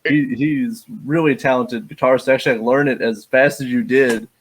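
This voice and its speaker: Brief: young adult male host, mid-pitched voice, eager, stumbling through restarts. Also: steady tone, husky. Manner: halting, restarts phrases, enthusiastic responses. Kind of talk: casual interview chat.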